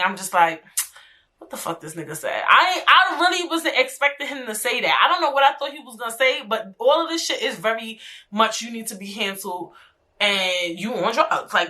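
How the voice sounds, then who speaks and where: A woman hosting her own podcast, talking alone in a casual, animated, profane way with lots of slangy asides. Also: high-pitched. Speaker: podcast host. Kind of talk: casual solo podcast monologue.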